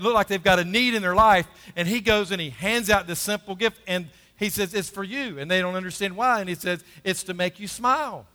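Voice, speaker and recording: A man's voice: high voice, bright, forceful tone, in a large hall. A man preaching a sermon as pastor, emphatic and repeating key phrases, calling for responses from the congregation.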